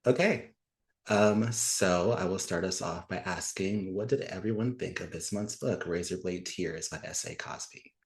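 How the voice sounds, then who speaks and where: A man hosting a book club over a video call, relaxed and upbeat, laughing easily. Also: low voice, measured pace. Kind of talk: casual chat on a video call.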